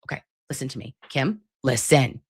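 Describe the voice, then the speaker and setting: Low-voiced, chatty woman in her forties. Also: normal speed, creaky, husky, dry recording, studio quality. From Massachusetts. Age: 40s. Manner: chatty, profane, many "like" fillers. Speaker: livestream host. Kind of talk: casual livestream chat.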